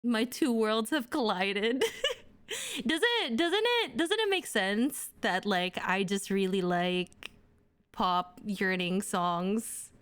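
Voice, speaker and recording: A woman's voice: medium pitch, big pitch swings, slow, a bit bright, clean tone. A young adult woman livestreaming, chatting casually and gushing to her viewers, full of fillers. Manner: bubbly, gushing, filler-heavy. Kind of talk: casual stream chat with viewers.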